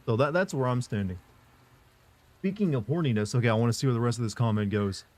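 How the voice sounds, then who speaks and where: A man's voice: mid-range voice, fast talker, a little mellow. A young man streaming live, chatting loosely and reading comments aloud, joking around with sore arms. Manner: rambling, jokey, reads chat aloud. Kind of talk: casual live-stream chat.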